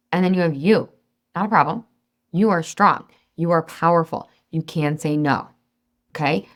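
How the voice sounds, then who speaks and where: A woman in her thirties coaching a webinar audience on weight loss, chatty and encouraging, sometimes acting out her own inner voice. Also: on the low side.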